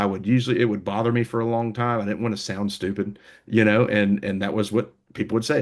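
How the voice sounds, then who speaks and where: Man, low voice, young adult, band member, casual interview chat, rambling with fillers. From United States. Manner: rambling, many fillers and restarts.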